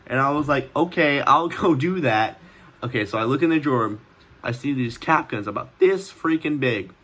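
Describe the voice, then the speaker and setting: A man's voice: medium pitch, animated, moderate pace, a bit bright. Rambling teenage guy recounting a dream. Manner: rambling, frequent restarts and fillers, laughs often. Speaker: vlogger. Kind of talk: casual storytelling.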